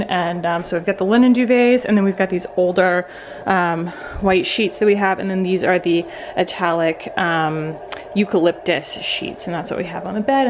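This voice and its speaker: A woman's voice: mid-range voice, darkish tone, slight background noise. Chatty young woman vlogging at home. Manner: chatty, lots of fillers and little laughs. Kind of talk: casual vlog chat.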